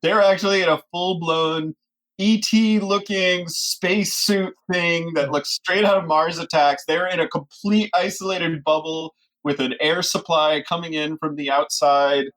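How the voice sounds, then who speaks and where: A man's voice: on the high side, fairly even intonation, a little slow, fairly bright tone, rough recording. A man chatting as a podcast guest, joking and laughing often as he talks. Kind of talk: casual podcast chat.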